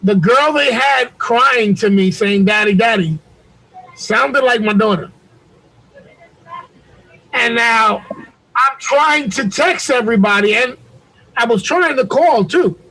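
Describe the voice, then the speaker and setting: High-voiced man telling a profane story. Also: takes it slowly, pauses often, poor audio. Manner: animated, profane, slangy storyteller. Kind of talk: casual storytelling on a group call. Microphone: video call.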